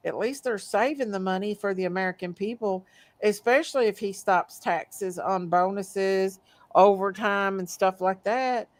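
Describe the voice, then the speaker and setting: A woman's voice: mid-range voice, measured pace, no room sound. A woman in a casual political chat, stubborn and firm, answering with short dismissive replies.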